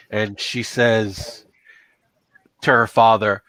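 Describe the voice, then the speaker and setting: Man game master, bright tone, dry close sound, rambly narration. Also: on the low side, fairly even intonation, measured pace, dry recording, rough recording. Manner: loose, filler-heavy storytelling.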